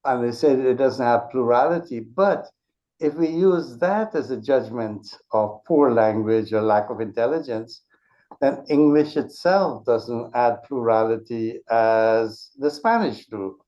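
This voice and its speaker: A man's voice: mid-range voice, unhurried, warm tone. A man, an author and speech teacher, talking as an interview guest and explaining his points patiently with examples, often restarting his sentences. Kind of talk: earnest conversational explanation. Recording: dull lo-fi recording.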